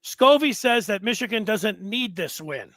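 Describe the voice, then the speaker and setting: A man's voice: high-pitched, animated, moderate pace, bright, forceful tone, no room sound. A man hosting a sports talk show, telling stories in a playful, joking way. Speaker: show host.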